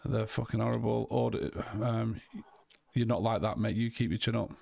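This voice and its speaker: A man's voice: fairly low pitch, steady tone, normal speed, vocal fry, a little mellow. A man hosting a call, talking in a heated, emphatic way, swearing and repeating himself. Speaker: host. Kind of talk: heated casual call chat.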